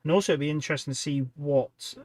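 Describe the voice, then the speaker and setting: A man with a voice on the high side talks at a quick pace in a dry recording. He's painting miniatures at home on a hobby livestream, rambling in a relaxed way and chatting with viewers between tasks.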